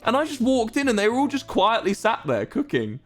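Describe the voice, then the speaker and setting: A man's voice: very high-pitched, huge pitch swings, brisk. A young man streams and chats, his voice swinging up and down a lot as he tells a rambling anecdote. He is casual and self-amused, and a little music plays faintly under his talk. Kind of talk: casual storytelling to chat.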